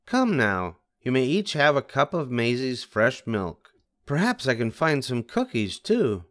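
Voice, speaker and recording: An older man voicing a kindly old farm woman, gentle and motherly in manner. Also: medium pitch, very animated, a little slow, voice pushed up. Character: kindly old woman farmer, Aunt Helma.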